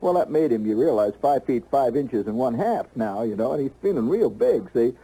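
A man's voice: mid-range voice, expressive, a little fast, dark tone, husky, poor audio. A man telling a long comic story on stage, rambling with lots of "you know" and restarts.

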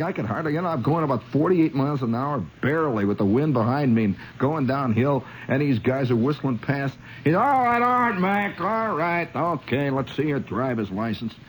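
A man from Indiana spins a long, rambling yarn, chuckling as he goes and turning to the listener with little asides. His pitch swoops lively up and down, and a faint room hum sits under his voice. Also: rough recording. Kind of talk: spoken storytelling monologue.

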